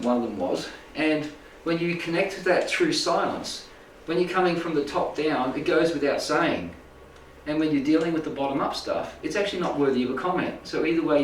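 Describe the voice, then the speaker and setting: A man's voice: on the high side, normal speed, slight background noise. A man teaching a small group in a loose, rambling way, often checking in with "right?" and "make sense?". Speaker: spiritual healing teacher. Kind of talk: informal talk to a small group. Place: indoor room with a live audience. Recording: echoey room, mic at a distance.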